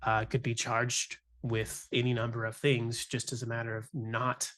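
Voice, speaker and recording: A man's voice: medium pitch, monotone, normal speed, fairly bright tone. Earnest young man, reflective podcast talk. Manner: earnest, reflective, peppers speech with "you know" and "right?". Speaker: music teacher and podcast co-host. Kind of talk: candid podcast conversation.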